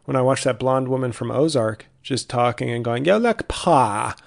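A man's voice: mid-range voice, little pitch movement, a little fast, vocal fry. A man hosting a podcast in a casual, rambling comedic monologue that often breaks off and restarts. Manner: rambling, self-interrupting. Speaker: podcast host.

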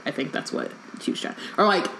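A woman's voice: fast talker, bright, forceful tone, a little hiss or hum, poor audio. Woman reading aloud with fillers. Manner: reads quotes plainly with fillers. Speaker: podcast co-host reading aloud. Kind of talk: casual chat and reading a book aloud.

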